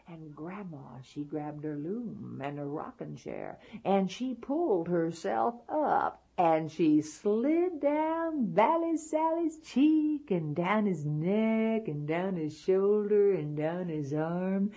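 A woman's voice: on the low side, animated, slow pace, hardly any pauses, mellow. A woman storyteller telling a folk tale in a dramatic, folksy way, dropping to whispers.

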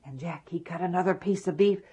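A woman telling a folktale aloud, animated, with hushed, drawn-out endings. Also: fairly low pitch, breathy edge. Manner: animated, dropping to hushed asides. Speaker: storyteller. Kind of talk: folktale storytelling.

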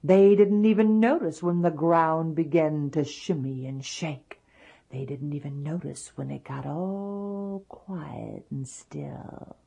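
Slow, lively woman storyteller. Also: low voice, vocal fry, breathy edge, highs cut off. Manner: animated, dropping to hushed asides. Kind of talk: folktale storytelling.

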